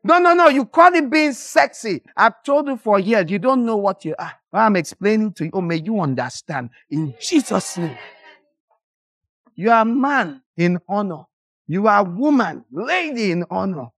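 Fiery, scolding preacher with a lively voice. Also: medium pitch, normal speed, dry recording. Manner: impassioned, scolding, with sudden shouted bursts. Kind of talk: sermon.

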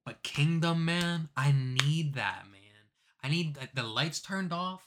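A woman's voice: deep voice, takes it slowly, background noise. A woman co-hosting a casual chat with a laid-back, slangy and teasing manner.

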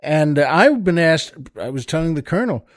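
A man's voice: a little high, big pitch swings, fairly quick, no echo, clean studio sound. A man from the New York area hosting a show, telling jokes and stories in a rambling, chatty way with lots of asides. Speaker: podcast host. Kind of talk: comic storytelling monologue.

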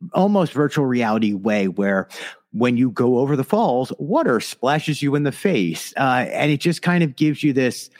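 Animated male co-host, casual, lively pitch swings, pitches ideas with gusto. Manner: animated, breaks into a put-on Canadian voice. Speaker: podcast co-host. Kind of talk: casual chat.

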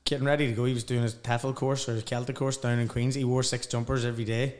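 A man's voice: medium pitch, fast. Man, casual storytelling, sweary, laughs at own stories. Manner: sweary, animated storyteller who laughs through his own tales. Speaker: podcast guest.

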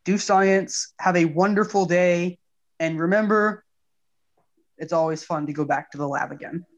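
A man's voice: sits high, measured pace, dull audio. A young man, an engineering student guest, chatting in a playful, upbeat way on a podcast. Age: young adult. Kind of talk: casual interview chat.

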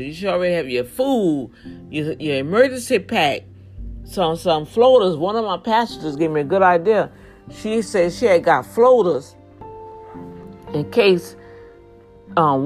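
A woman from Louisiana with a low voice talks straight to her viewers in an earnest, preachy way. She warns them plainly and directly. Faint music plays behind her. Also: animated, unhurried. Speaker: vlogger. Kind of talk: casual talk to viewers.

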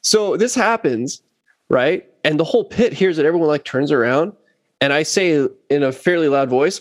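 Animated man telling a gig story. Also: fairly high pitch, moderate pace, no echo, studio quality. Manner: animated, acts out quotes of others. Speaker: bass player telling a story. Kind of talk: casual chat, storytelling.

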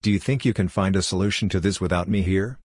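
A quiet, polite woman scientist who speaks with care, as a male narrator reads her. The voice stays deep and husky, dry and close. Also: fast, no echo.

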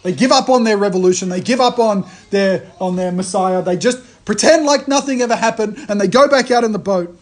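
A man giving a conversational sermon, retelling a story in a lively way and often restarting his phrases. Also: sits high, brisk, few pauses. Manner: animated storytelling, frequent restarts. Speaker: preacher.

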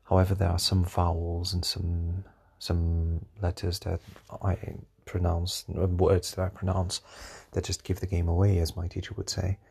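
Deep gravelly man with a mixed British-American-Portuguese accent. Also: completely flat delivery, normal speed, darkish tone. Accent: mix of British, American and Portuguese. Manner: musing and rambling, with sighs and restarts. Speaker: podcast host. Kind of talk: solo podcast monologue.

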